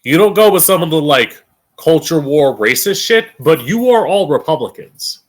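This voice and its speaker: A man's voice: fairly high pitch, animated. A man hosting his own stream show, delivering a blunt, profane and sarcastic political rant, drawing out words for emphasis. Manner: emphatic, drawn-out stress on key words. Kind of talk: ranting political commentary.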